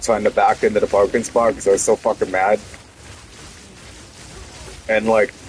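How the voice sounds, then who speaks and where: A man's voice: fairly low pitch, darkish tone, slight background noise, low-quality recording. A young man, a streamer telling a heated story to his chat, swearing often and restarting his sentences.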